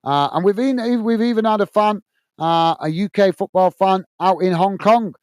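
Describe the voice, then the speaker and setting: A man's voice: sits high, normal speed, a little mellow, clear, resonant tone, dry recording. A man hosting a casual live stream, reading viewer comments aloud and chatting with many uhs. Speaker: host reading live chat.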